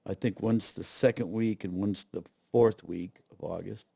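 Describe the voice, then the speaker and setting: A man's voice: fairly low pitch, moderate pace, gravelly, husky, no room sound, studio quality. A middle-aged man, telling stories in a casual interview and acting out the voices of people he quotes. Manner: animated storyteller, acts out quotes. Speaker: guest, festival director.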